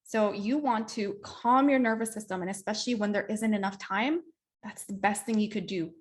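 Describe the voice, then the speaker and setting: A woman's voice: mid-range voice, normal speed. A young adult woman from Canada leading a speaking workshop over a video call. She acts out example phrases and keeps checking in with "right?". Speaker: workshop presenter. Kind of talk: online workshop teaching.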